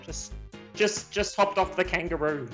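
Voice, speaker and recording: A man's voice: high-pitched, measured pace, a bit bright, soft background music, pitched above the performer's own voice. A man putting on an exaggerated cheerful Australian bloke voice as a joke. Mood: jokey. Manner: joking, exaggerated.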